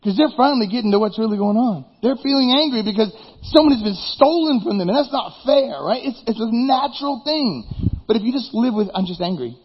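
A man preaching a sermon as pastor, animated, firing rhetorical questions and then dropping suddenly quiet. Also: extremely high pitch, fairly quick, slightly rough. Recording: dull reverberant hall recording.

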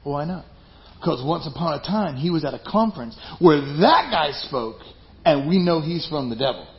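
A man preaching a sermon to his congregation, talking conversationally, with some passages loud and emphatic and others dropped to a hushed aside. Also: a little high, animated, moderate pace, slight background noise. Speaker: pastor. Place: church sanctuary. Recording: roomy, slightly dull live church recording with faint ambience.

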